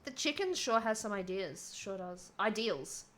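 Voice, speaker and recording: A woman's voice: mid-range voice, animated, unhurried, fairly bright tone. Playful young woman streamer. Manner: playful, reads game text aloud with quips. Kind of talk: casual game playthrough commentary.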